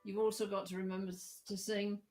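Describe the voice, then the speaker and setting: A woman leading an online choir rehearsal, chatty and hesitant, with a croaky voice, often breaking into sung parts. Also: mid-range voice, level tone, a little fast, over loud music. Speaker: choir leader.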